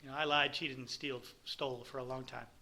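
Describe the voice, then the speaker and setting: Candid bright-voiced middle-aged man. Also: mid-range voice, level tone, a little fast. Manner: candid, rambling, blunt. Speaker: recovery meeting speaker. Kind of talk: personal testimony talk.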